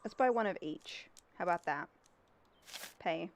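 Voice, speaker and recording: A woman streaming a game live, chatty and excitable as she reacts to the game and greets her chat. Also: on the low side, unhurried. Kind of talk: live gameplay commentary.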